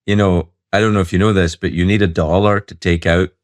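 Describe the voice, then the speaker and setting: A middle-aged Scottish man hosting a podcast, telling stories in a lively, joking way. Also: sits low, fairly quick, dry recording. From Scotland. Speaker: podcast host. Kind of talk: casual chat.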